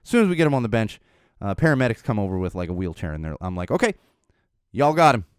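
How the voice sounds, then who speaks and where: A man's voice: on the low side, very animated, racing, clean tone, dry recording, clean studio sound. A man hosting a podcast, telling a long story in a casual, rambling way with lots of fillers and chuckles. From Southern California. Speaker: podcast host. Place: podcast studio. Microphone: studio mic.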